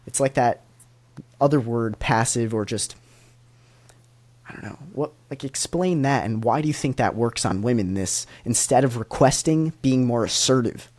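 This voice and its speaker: A man's voice: medium pitch, normal speed, darkish tone. A man hosting a podcast, asking questions and searching for words as he talks. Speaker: podcast host. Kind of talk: podcast interview.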